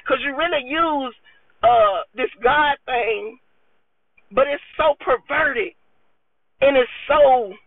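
A woman's voice: high voice, slow pace, no room sound. A woman giving an impassioned, preachy monologue with gospel exclamations, her voice breaking with emotion at times. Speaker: vlogger. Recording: tinny phone-like dry sound.

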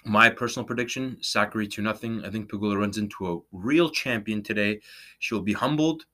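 Bright-voiced joking man. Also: lowish voice. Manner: jokey, playful, quick asides. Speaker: sports betting podcast co-host. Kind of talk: casual banter about tennis odds.

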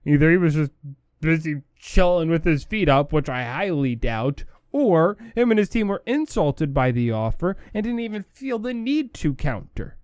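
A man's voice: fairly high pitch, very animated, normal speed, a little mellow, smooth, no room sound, clean studio sound. A man hosting a sports talk show, giving opinionated commentary and repeating his points for emphasis.

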